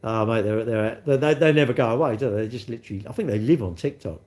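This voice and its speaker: A man's voice: medium pitch, fast, darkish tone. A middle-aged man chatting on a phone livestream, rambling and bantering cheekily with viewers. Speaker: livestream host. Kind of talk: casual chat answering live comments.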